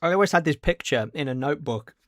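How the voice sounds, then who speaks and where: A man's voice: fairly high pitch, expressive, quick pace. A young British man chatting casually on a gameplay livestream, reading chat aloud and rambling with frequent ums while fighting off hiccups. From Britain. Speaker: streamer. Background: game music.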